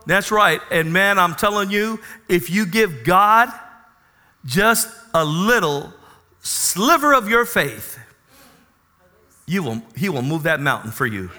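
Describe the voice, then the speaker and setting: A man's voice: sits high, lively intonation, slow pace, pushed and bright, in a large hall. A man preaching a sermon to his congregation, calling for amens and acting out Bible figures. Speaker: pastor. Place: church.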